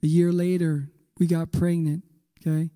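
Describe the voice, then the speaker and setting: Man, sermon testimony, high voice, mellow tone, long hall reverb, animated storytelling. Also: normal speed. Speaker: preacher.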